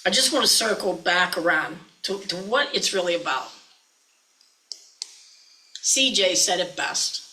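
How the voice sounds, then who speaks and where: A woman's voice: lowish voice, lively intonation, unhurried, pauses often, bright, forceful tone, rough recording. A woman minister giving a chatty, folksy sermon, often teasing her listeners.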